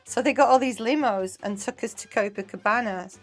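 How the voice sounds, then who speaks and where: A middle-aged woman from England, a dance teacher, chatting in an interview and telling lively anecdotes. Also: a little high, fairly quick, soft background music. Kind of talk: casual interview storytelling.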